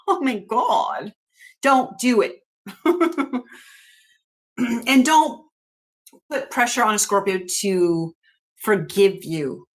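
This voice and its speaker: A woman's voice: on the high side, a bit bright. A middle-aged woman hosting an astrology channel, talking casually and emphatically to her viewers, laughing often and giving blunt commands.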